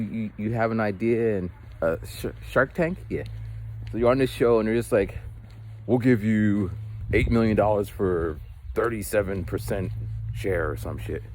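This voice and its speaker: Animated low-voiced man rambling casually. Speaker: vlogger. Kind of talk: casual walk-and-talk monologue. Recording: walking outdoors with faint street noise.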